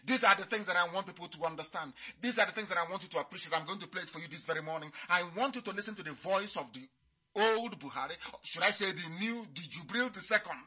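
Fiery husky-voiced man. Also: sits high, fast, pushed and bright. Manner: fiery, mocking, repetitive. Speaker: radio broadcaster. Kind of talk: impassioned radio address.

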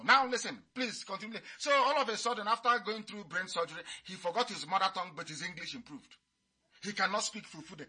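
A man's voice: sits high, sharp tone, slightly rough. A man giving a fiery, mocking radio address, repeating his points. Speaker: radio broadcaster.

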